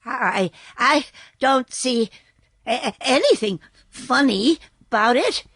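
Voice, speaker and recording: A woman's voice: mid-range voice, very animated, unhurried, fairly bright tone, slightly rough, no room sound, clean studio sound, heavily acted. A woman doing a stammering frightened boy. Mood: nervous. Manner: stammering, nervous. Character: frightened young farm boy.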